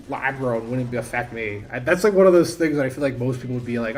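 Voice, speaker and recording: A man's voice: mid-range voice, lively intonation, brisk, darkish tone, a little hiss or hum. A man streaming a game, chatting casually and thinking aloud in a rambling, self-interrupting way. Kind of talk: casual live-stream commentary.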